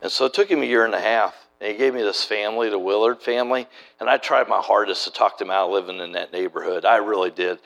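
A man's voice: fairly low pitch, fast talker, gravelly, a bit bright. Folksy middle-aged male preacher telling stories. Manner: conversational, folksy storytelling with frequent restarts. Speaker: preacher and church planter. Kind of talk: sermon storytelling.

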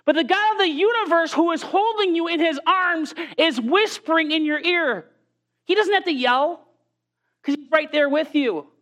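A woman's voice: very high voice, moderate pace, a bit bright. A woman preaching a sermon in an earnest manner, often repeating rhetorical questions to her listeners.

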